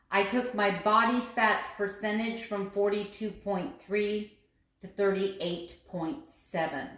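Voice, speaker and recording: A woman speaks to camera in a casual daily vlog, her medium-pitched voice sounding reverberant. Earnest and emphatic, she drives her points home by repeating phrases.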